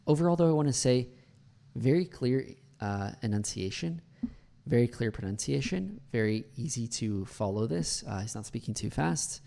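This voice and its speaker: A man with a dark, gravelly voice gives pronunciation feedback as an English teacher. He talks in a relaxed, filler-heavy way and slows down to demonstrate words. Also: medium pitch. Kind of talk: pronunciation commentary over a video.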